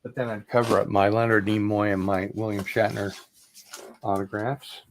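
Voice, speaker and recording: A man chatting casually as he unboxes packages on his channel, relaxed and rambling, with offhand asides. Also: lowish voice, moderate pace, slight background noise. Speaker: vlogger doing unboxings.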